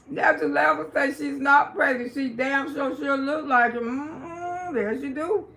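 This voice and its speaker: A woman hosting a live stream, giving gossip commentary in a loud, emphatic, profane rant. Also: sits high, vocal fry. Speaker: livestream host.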